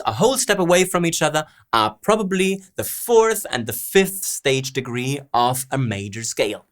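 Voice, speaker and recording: A man's voice: on the high side, a bit bright. A man hosting a songwriting lesson, walking through a song's lyrics and chords and sounding out rhythms and stresses. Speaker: host and songwriting teacher. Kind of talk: song analysis lesson.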